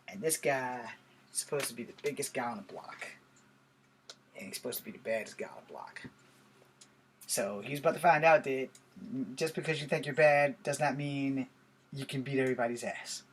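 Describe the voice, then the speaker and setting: A man's voice: medium pitch, slightly rough. A middle-aged man vlogging, telling a story in a casual, blunt and profane way. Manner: blunt, profane, animated retelling of a fight.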